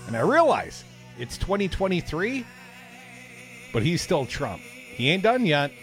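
A man's voice: a little high, very animated, unhurried, a bit bright, faint music behind. A man hosting a talk radio show, reading the news with sarcastic jokes. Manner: sarcastic, jokey.

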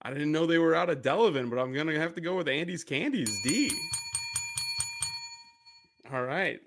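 A man who is a guest contestant on a quiz, talking in a relaxed, easygoing and slightly self-deprecating way. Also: a little high, normal speed, over music. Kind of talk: casual chat.

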